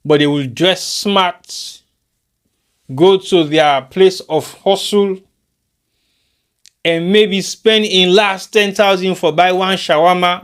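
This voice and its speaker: Man, Sierra Leonean Krio-inflected English accent, high voice, rhetorical commentary, repeats catchphrases. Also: clean tone. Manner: rhetorical, repeats catchphrases, asks listeners questions. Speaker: host of a live online show.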